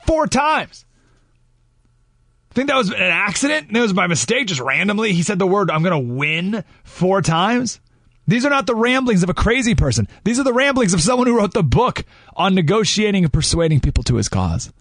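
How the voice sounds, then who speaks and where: A talk radio host, a man, delivers emphatic commentary and keeps asking punchy rhetorical questions. His voice sits a little high and swings widely in pitch. The sound is close and dry. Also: very animated, fairly quick, no echo.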